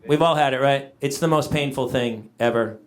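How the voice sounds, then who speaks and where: A middle-aged man performing stand-up comedy on stage, telling stories in an animated, exaggerated way with shouted punchlines and laughter from the audience. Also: mid-range voice, normal speed.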